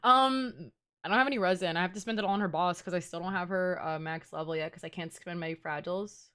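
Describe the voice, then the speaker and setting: A woman's voice: lowish voice, quick pace, bright, forceful tone, smooth. A woman in her twenties, a streamer chatting casually and playfully with her live chat, teasing and filling her talk with "like".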